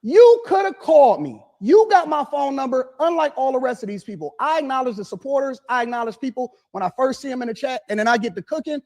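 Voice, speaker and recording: Man, very high voice, measured, explaining himself, casual monologue. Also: lively intonation, vocal fry, darkish tone.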